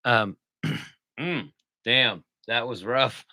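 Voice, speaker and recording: A man's voice: mid-range voice, extremely slow, pushed and bright, no echo, clean studio sound. A man co-hosting a podcast, trading crude jokes with a lot of laughter and swearing. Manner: profane, laughs often, jokey impressions. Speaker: podcast co-host. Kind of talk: crude comedic banter.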